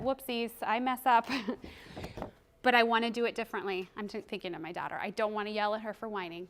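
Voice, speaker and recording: A woman in her thirties giving a workshop presentation as a trainer, animated and quick to laugh. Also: fairly high pitch, a little hiss or hum. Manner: animated, laughs often, acts out quoted voices. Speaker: parenting and behavior trainer.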